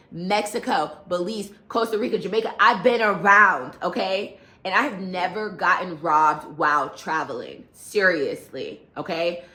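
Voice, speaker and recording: Bright-voiced woman telling a story. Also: lowish voice. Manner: animated, acts out voices and cries out while retelling. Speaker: travel vlogger. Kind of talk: storytime vlog, casual retelling. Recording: echoey room.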